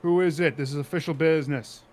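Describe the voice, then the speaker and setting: A man's voice: mid-range voice, unhurried, darkish tone, a little hiss or hum, close to an everyday voice. A man voicing a composed college official who talks in a dry, matter-of-fact way. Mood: annoyed.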